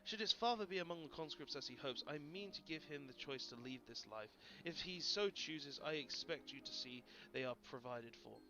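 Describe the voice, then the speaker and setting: A man voicing a gruff older male pirate captain, reading slowly and gravely, on dull lo-fi stream audio with faint game music. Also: a little high, lively intonation, pushed and bright, heavily acted.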